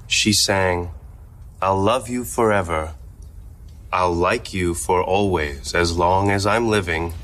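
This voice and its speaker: An actor playing a grown man giving a solemn, drawn-out dramatic reading of a children's book in a sitcom scene. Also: low-pitched, a bit bright.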